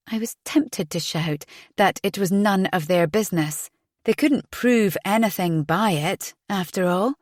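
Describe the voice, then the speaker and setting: A woman's voice: medium pitch, measured pace, no echo, studio quality. A young woman narrating an audiobook thriller in the first person, with a tense, inward telling. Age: young adult.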